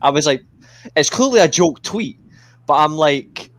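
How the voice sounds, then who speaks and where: A man's voice: a little high, animated, a bit bright. A man in his twenties in casual chat who jokes a lot and talks crudely. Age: 20s. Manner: joking, quick, crude. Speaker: podcast co-host.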